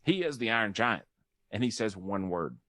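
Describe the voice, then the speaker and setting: A young adult man chatting casually as a podcast guest, animated and joking. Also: fairly low pitch, moderate pace, dry recording, studio quality. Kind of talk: casual chat.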